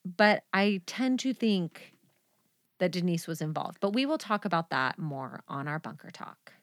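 Animated woman podcast co-host, dry sound. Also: on the low side, measured pace, no echo. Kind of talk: casual chat.

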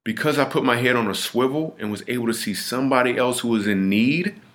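A man's voice: medium pitch, fairly quick, fairly bright tone. A middle-aged man, a comedian guest on a podcast, telling a personal story in an earnest, vivid way, often restarting and repeating himself.

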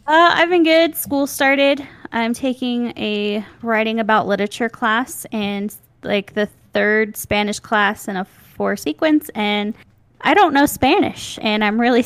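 A woman's voice: on the high side, moderate pace, no echo. A woman in her twenties co-hosting a casual podcast from home, teasing and laughing easily, on a mic with a pop filter. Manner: giggly, teasing. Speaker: podcast co-host. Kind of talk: casual chat. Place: home recording setup. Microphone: studio mic with pop filter.

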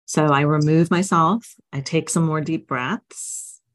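A woman's voice: deep voice, fairly even intonation, slow pace. A woman physician, a guest on a podcast, explaining things step by step and often checking in with "right?". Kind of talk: casual podcast interview.

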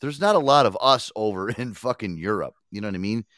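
A man's voice: on the low side, animated, a little fast, a bit bright, dry recording, studio quality. A man hosting a radio show in casual, profane, rambling chat, laughing often.

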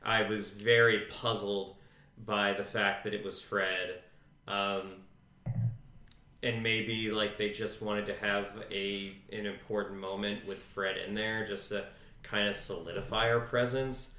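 A man co-hosting a podcast, recapping scenes in a relaxed way with plenty of ums. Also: on the low side, a little slow, roomy sound. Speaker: podcast co-host. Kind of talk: casual chat.

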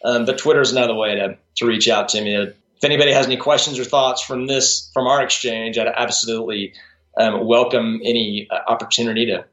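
A man's voice: medium pitch, fairly even intonation, brisk, fairly bright tone. A man, a strengths coach, is a guest on a podcast interview. He talks in a thoughtful, casual way, often restarting and adding asides. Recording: roomy, dull lo-fi sound.

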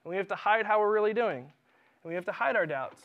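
A male preacher with a high-pitched voice, giving a sermon in a church. He reads scripture with fervor, then drops into casual asides full of "um"s. His delivery is impassioned and conversational. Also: expressive, fairly quick, muffled recording.

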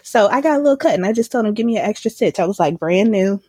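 Animated woman telling a story, dry sound. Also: quick pace, husky, no echo. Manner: animated storyteller, laughs often, slips into high squeals when quoting herself. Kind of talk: casual chat.

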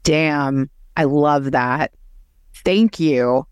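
A podcast host asking gentle, empathetic interview questions. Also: mid-range voice, drawn-out words, clean tone.

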